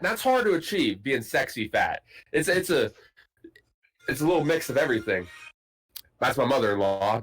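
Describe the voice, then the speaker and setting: A man's voice: medium pitch, a bit bright, low-quality recording. A man hosting a podcast, telling a casual story in a profane, boisterous, joking way. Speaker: podcast host.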